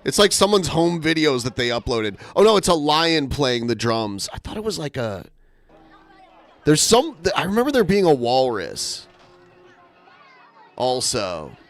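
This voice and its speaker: A man's voice: a little high, big pitch swings, measured pace, long pauses. A man hosting a podcast, telling a story in a rambling, conversational way. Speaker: host. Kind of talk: casual podcast chat.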